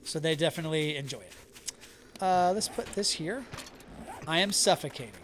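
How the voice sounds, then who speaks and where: While streaming a survival game, this Southern-born man talks casually with his audience in neutral American, slipping into a Southern accent only when angry. He has a fairly high, fairly bright voice with lively intonation at a normal pace, over slight background noise.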